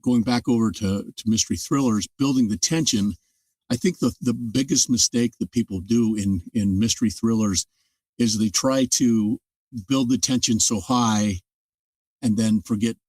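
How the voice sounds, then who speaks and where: A man's voice: lowish voice, moderate pace, darkish tone, slightly rough, no echo. An older man, an audiobook narrator, talking through his craft as an interview guest in a thoughtful, explanatory way. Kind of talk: casual interview talk. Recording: dry sound from a distant mic.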